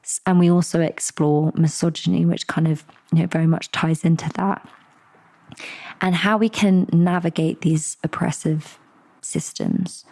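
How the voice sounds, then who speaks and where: A woman hosting a podcast who talks casually and with enthusiasm, laughing easily and jumping up in pitch when excited. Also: unhurried, vocal fry. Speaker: podcast host. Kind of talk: casual interview chat.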